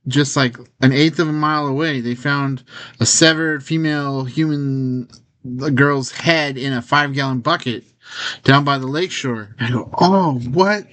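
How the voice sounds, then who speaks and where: A man's voice: medium pitch, steady tone, normal speed, fairly bright tone. Rambling man telling a story to his camera. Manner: rambling and anecdotal, with fillers and nervous laughs. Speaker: software founder telling a personal story. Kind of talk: casual storytelling vlog to camera. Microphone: own camera.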